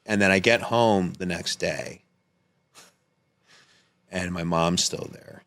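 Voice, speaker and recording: Low-voiced man telling a story. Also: slow. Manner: animated, rambling, profane. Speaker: podcast guest, filmmaker. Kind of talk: casual storytelling chat.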